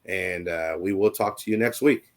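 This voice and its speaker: A man with a very low voice co-hosts a casual talk show. He rambles, leans on plenty of fillers, and sounds reassuring as he chats. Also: normal speed, creaky. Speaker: co-host.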